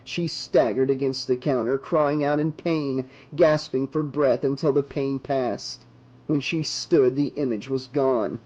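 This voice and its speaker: A man reading a horror novel aloud as an audiobook narrator, in measured, dramatic narration. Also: medium pitch, fairly even intonation, warm tone, dull audio.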